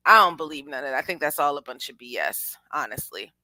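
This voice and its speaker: A young woman chats animatedly about music as a show host, dropping slang and talking straight to her viewers. Her voice is bright and a little low-pitched. It sounds close-miked and dry, with no room around it. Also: brisk, hardly any pauses, no echo. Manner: animated, chatty, slangy, addresses the chat. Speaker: podcast host. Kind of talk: casual music commentary.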